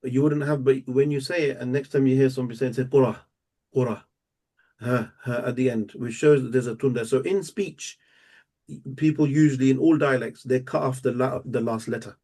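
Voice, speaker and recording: Male language teacher, patient and methodical, drills words slowly. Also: medium pitch, steady tone, mellow. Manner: patient, explains step by step, repeats words slowly. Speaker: Arabic teacher. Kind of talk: live one-on-one language lesson.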